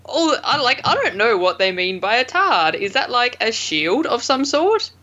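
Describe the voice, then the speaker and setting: A woman's voice: a little high, big pitch swings, moderate pace, bright, forceful tone. A woman co-hosting a podcast, chatting playfully and reading passages from a novel aloud, on dull lo-fi audio. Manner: playful, amused. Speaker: guest co-host.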